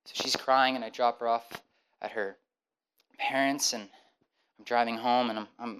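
A young man tells his own story before listeners, like a testimony, at a medium, ordinary pitch. He acts out the back-and-forth dialogue and often stumbles over repeated words as he goes. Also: clean tone, low-quality recording. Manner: animated, acts out the dialogue with many quick restarts. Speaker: speaker sharing a personal testimony.

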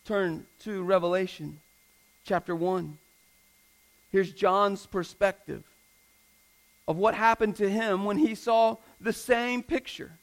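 A man's voice: sits high, fairly even intonation, slow pace, pauses often, low-quality recording. A man in his thirties preaching a sermon, earnest and fond of repeating phrases for emphasis. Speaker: pastor.

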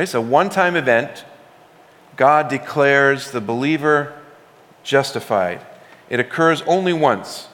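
A male pastor delivers a sermon in a relaxed, conversational way, leaning hard on key words for emphasis. His voice sits in an ordinary middle range. It rings out with the long reverb of a large sanctuary. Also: mid-range voice.

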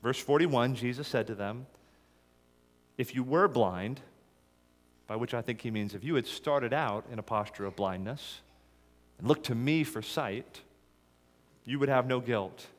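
A man preaching a sermon as a pastor, earnest and steady, often dropping to a hush on key lines. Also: mid-range voice, unhurried, pauses often. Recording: reverberant hall.

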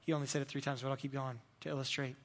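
A man's voice: medium pitch, little pitch movement, very fast. A man preaching a sermon as pastor, earnest and repeating words as he builds his points.

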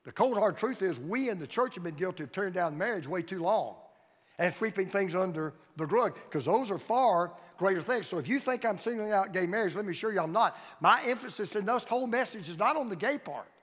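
A male pastor delivers a sermon in a fairly high voice, driving his points home through emphatic repeated phrases. His voice rings out with a long hall reverb around it. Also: expressive, a little fast, fairly bright tone. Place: church sanctuary.

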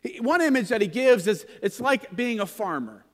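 A man's voice: very high-pitched, animated, moderate pace, in a large hall. A pastor in his thirties preaching a sermon in a conversational, self-deprecating storytelling way.

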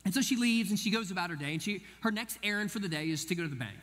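High-voiced man preaching in a reverberant hall. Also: racing. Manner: animated, acts out quoted voices. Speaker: pastor. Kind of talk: sermon storytelling.

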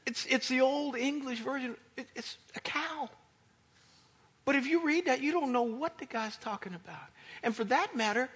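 A man preaching a sermon as a pastor, animated and emphatic, with a slightly husky voice. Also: very high voice. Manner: animated preaching, rising to near shouts for emphasis.

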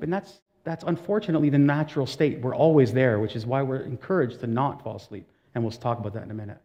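Speaking with a warm tone in a voice on the high side, a male pastor gives a conversational sermon. He puts questions directly to the congregation and weaves in stories with offhand asides.

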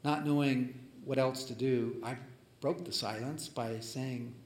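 A male preacher telling a story in a sermon, dramatic and swinging between loud and hushed. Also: mid-range voice, fairly even intonation, unhurried. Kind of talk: sermon storytelling, reading a letter aloud. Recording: echoey room.

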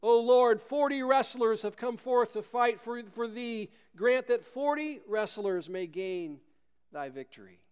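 Fervent soldiers' prayer, read by a preacher, high and smooth. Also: male voice, expressive, a little slow. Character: group of devout Christian soldiers praying.

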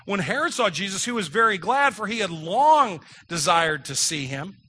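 A man's voice: high voice, very animated, moderate pace, bright, forceful tone, slightly rough. A man preaching a sermon in a conversational way, acting out the quoted lines with dramatic emphasis. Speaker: pastor.

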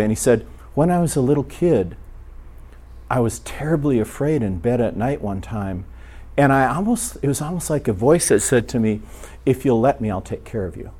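Guy preaching, tells stories, acts out the prayers, goes real quiet at times. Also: medium pitch, slightly rough. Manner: animated storyteller, acts out prayers, drops to a hush. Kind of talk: sermon with storytelling.

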